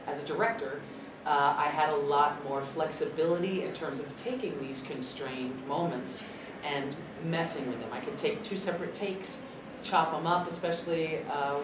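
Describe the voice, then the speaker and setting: A low-pitched woman talks shop in a chatty, expressive way, as a seasoned voice actor and director. She is recorded from a distance in a reverberant convention room, with loud crowd noise underneath. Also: moderate pace. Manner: chatty and expressive, thinking aloud. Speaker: voice actor and dub director, interview guest. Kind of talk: press interview answers at a convention.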